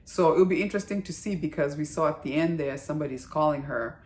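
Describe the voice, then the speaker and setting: Woman, low voice, chatty drama reviewer, roomy echo. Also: fast, darkish tone, a little hiss or hum. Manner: chatty, retells scenes with quoted lines and filler words. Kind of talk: casual video review.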